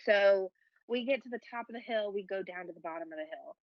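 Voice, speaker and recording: A young woman co-hosting a podcast, telling a story in a casual, animated, self-mocking way and swearing often. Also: medium pitch, a little fast, no room sound, highs cut off. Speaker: podcast co-host.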